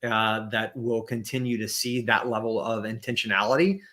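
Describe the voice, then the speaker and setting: A man's voice: mid-range voice, normal speed, sharp tone. A man as a podcast guest in casual conversation, thinking aloud with many fillers and restarts, over a video call.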